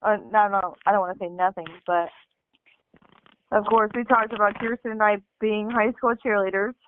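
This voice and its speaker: A woman's voice: medium pitch, fairly even intonation, moderate pace, slight background noise. A young woman rambling through a family story as a guest on a casual podcast. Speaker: guest sister. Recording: tinny phone-like sound, dry.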